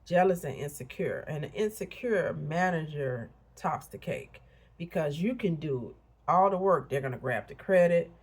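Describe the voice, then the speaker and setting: This Illinois vlogger in her fifties has a deep, darkish, slightly rough voice, lively intonation, and a moderate pace. Her casual motivational talk is frank and blunt, sprinkled with conversational asides to the people watching.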